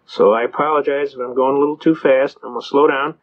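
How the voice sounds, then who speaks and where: A man giving a lecture on legal rights, telling stories in a fast, folksy and blunt way. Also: medium pitch, fairly even intonation. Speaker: constitutional law lecturer. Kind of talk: storytelling seminar talk. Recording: dull lo-fi recording.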